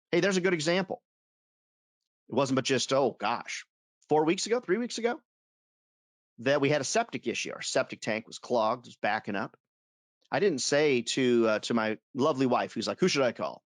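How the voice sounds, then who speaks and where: A man leading a sales webinar for advertising reps, telling stories in an animated, self-amused way. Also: medium pitch, normal speed, pauses often, no echo. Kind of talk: webinar talk.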